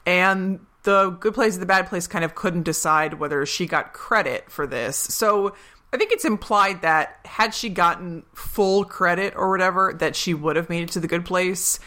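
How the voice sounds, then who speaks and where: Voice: medium pitch, normal speed, bright, forceful tone. A podcast co-host recapping a TV episode in casual chat, laughing often and acting out quoted lines.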